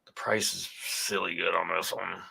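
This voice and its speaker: A man's voice: low voice, level tone, moderate pace, gravelly, pushed and bright, breathy edge. A man co-hosting a casual whiskey tasting livestream, chatting and reading viewer comments aloud. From United States. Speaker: whiskey show co-host.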